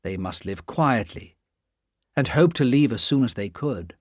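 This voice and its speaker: A male audiobook narrator reads a classic novel slowly and expressively. His pitch rises and falls a lot, and the sound is close and dry with no room echo. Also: animated. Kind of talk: scripted narration.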